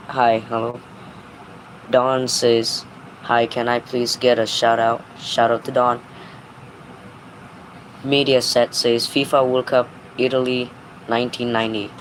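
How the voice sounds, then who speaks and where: A man hosting a livestream, reading out chat messages one by one and answering them briefly in a low-key way. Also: a little hiss or hum, poor audio. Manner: flat, unhurried, low-key replies. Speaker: livestream host. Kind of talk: reading live chat aloud.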